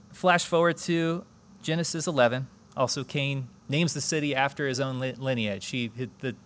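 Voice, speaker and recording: Male preacher, conversational sermon, explanatory, medium pitch. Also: a bit bright. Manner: explanatory, asks the congregation questions. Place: church service before a congregation.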